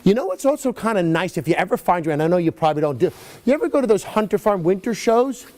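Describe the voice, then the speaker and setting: A man's voice: sits high, animated, fast talker, a little mellow. A middle-aged man coaching riders at a horse clinic, rambling and chatty with lots of asides. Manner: rambling, chatty, full of "you know" asides. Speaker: riding clinician. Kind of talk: casual coaching chat. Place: horse arena.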